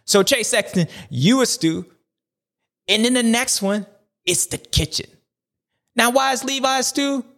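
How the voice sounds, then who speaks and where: Hosting a supercross recap show, a man riffs in playful slang and keeps repeating his catchphrases in animated, casual commentary. His voice is extremely high-pitched and fairly bright, unhurried, with frequent pauses.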